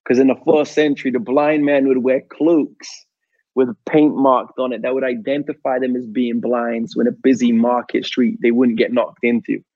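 Gravelly man preaching in spoken-word rhythm. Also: medium pitch, a little mellow, no echo, muffled recording. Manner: rhythmic, repeating phrases, dropping to near whispers. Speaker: poet giving a conference talk. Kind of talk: spoken-word sermon talk.

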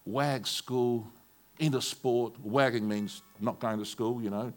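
Man, older, Australian accent, pastor, sermon, storytelling preacher, mid-pitched voice. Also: steady tone, slow. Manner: storytelling, rising to forceful preaching.

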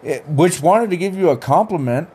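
A man's voice: a little high, expressive, moderate pace, a little mellow, husky. A young adult man co-hosting a casual podcast, joking, teasing and swearing casually. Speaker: podcast co-host. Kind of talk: casual chat.

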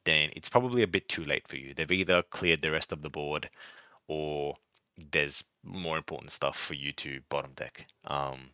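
A man's voice: a bass voice, bright, forceful tone, dry recording. A man hosting a podcast, casually talking through game strategy with lots of ums and restarts. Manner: rambling, many ums and restarts. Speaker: podcast host. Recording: dull lo-fi dry sound.

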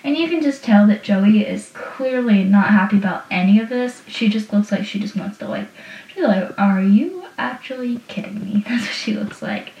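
A woman's voice: mid-range voice, normal speed, a little mellow. Young woman, casual recapper, chatty and laughing, lo-fi room sound. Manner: chatty, laughs often, many fillers. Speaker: show recapper. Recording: roomy, distant, dull lo-fi sound.

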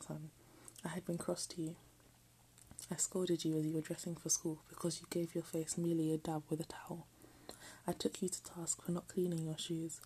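A woman reading a text aloud in a soft, often half-whispered voice, breaking off for self-mocking jokes. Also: low voice, husky, rough recording. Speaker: reader.

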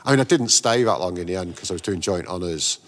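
A man's voice: sits low, animated, fast, a little hiss or hum. A man in a casual interview, telling rambling anecdotes full of slang and restarts. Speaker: guest, graffiti artist and painter.

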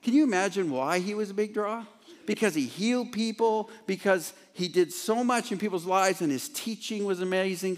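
A man preaching a sermon as pastor in an animated way, with joking asides and laughs at himself. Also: high-pitched. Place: large church hall, former theater. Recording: echoey hall.

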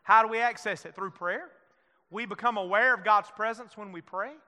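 High, bright-voiced preacher in a reverberant hall. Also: male voice, moderate pace. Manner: swings from shouted scripture to hushed, intimate storytelling. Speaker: pastor. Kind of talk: sermon. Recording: long church hall reverb.

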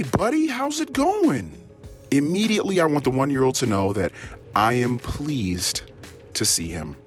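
A man rambling through a spoken diary in a crude, profane, ranting way. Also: on the low side. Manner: animated, swings into mock-excited tones. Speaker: diary podcast host.

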